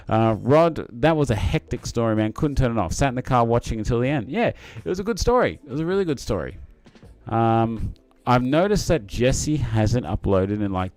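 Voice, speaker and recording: A man's voice: on the low side, darkish tone, no echo. Rambling, matey man chatting on a live stream. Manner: rambling, frequent fillers and restarts, matey. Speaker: livestream host reading chat. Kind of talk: casual live-stream chat.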